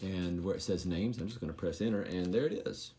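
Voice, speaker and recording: A man's voice: low voice, brisk, warm tone, slight background noise. A man teaching a recorded math lesson, making joking, self-deprecating asides while he writes.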